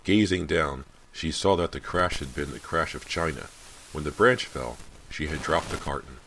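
A man narrates an audiobook in an extremely deep, low voice. His reading is measured and steady throughout. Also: slight background noise. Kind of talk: scripted narration.

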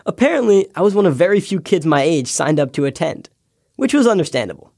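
A young man, a podcast intern, reading a scripted personal essay with wry, deadpan asides. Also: fairly high pitch, quick pace, creaky, no echo, clean studio sound. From United States. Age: young adult.

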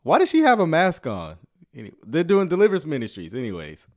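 A man commenting on a church video in a relaxed, joking way, his pitch jumping all over as he reacts. His talk is casual and full of slang, and he sounds close to the mic. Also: quick pace. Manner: laid-back, joking, Southern US slang like "y'all".

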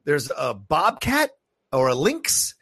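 A man's voice: on the high side, takes it slowly, husky, dry recording. A young man co-hosting a podcast, telling a scary story in a casual, profane way and acting out the voices. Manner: animated, profane, acts out voices in his story. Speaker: podcast co-host.

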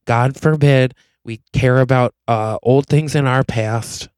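A man's voice: mid-range voice, fairly even intonation, slow pace, a little mellow, clear, resonant tone, no room sound, clean studio sound, lightly acted. A man doing a snarky Texas-twanged farmhand. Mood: scolding. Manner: snarky, bickering. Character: blunt small-town farmhand man, a tall stranger.

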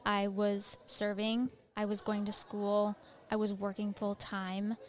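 A woman's voice: mid-range voice, monotone, takes it slowly, a little hiss or hum. Chatty woman in her thirties. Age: 30s. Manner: chatty, many fillers of "like" and "um". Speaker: guest, Army veteran. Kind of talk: casual interview chat.

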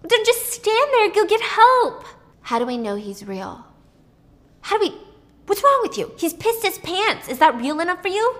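A frantic young waitress, put on by a woman telling a story, her voice shooting up high and shrill, quick to snap and quick to panic. She sounds breathless and sharp, words tumbling out in a rush. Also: very animated, exaggerated voice. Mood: panicked. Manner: shrill, rapid, panicky outbursts.

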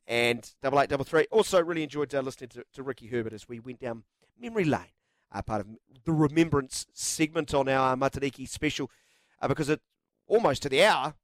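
A man's voice: medium pitch, no echo. A man hosting live sports talkback radio in a studio, chatty and jokey with lots of filler words. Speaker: radio sports show host. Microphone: studio microphone.

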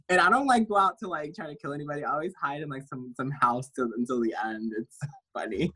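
A man's voice: fairly high pitch, fast talker, pushed and bright, breathy edge. A man appearing as a wrestler guest, chatting casually and giggly, often poking fun at himself. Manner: giggly, self-deprecating, chatty. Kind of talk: casual interview over a call.

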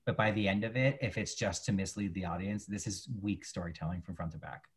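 Fast-talking husky man reviewing TV. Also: low-pitched. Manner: rambling, restarts often, animated retellings. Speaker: podcast co-host. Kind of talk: casual chat reviewing TV.

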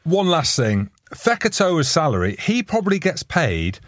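A man, a former player co-hosting a podcast, chatting casually and telling lively stories. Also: fairly high pitch, normal speed. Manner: animated storyteller, mimics shouting coaches. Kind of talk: casual banter.

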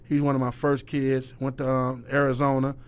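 In a clean, mid-range voice at a moderate pace, a middle-aged man tells stories in relaxed conversation. He coaches youth basketball, swears a lot, and animatedly mimics the people he quotes.

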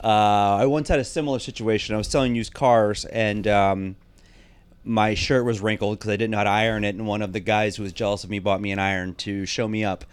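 A man's voice: lowish voice, steady tone, brisk, clean tone, no room sound. A man co-hosting a casual podcast, cracking wry jokes and chiming in. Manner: wry, joking interjections. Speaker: podcast co-host. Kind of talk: casual chat.

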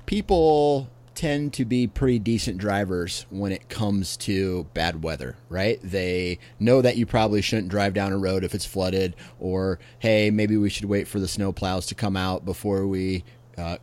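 Casual podcast co-host, man in his late 30s, low voice, easygoing storyteller. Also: a little mellow. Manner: laid-back, laughs often, drawn-out storytelling. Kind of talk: casual chat.

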